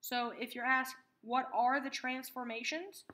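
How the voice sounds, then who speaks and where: Bright-voiced woman teaching math. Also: high voice, fairly even intonation. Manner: patient, repeats key terms slowly. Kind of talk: classroom lesson explanation.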